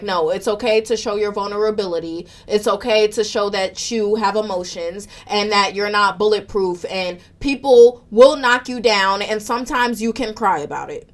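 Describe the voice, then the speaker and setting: A young woman ranting in a casual vlog, emotional and frustrated as she talks to her followers. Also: medium pitch. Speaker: social media commentator.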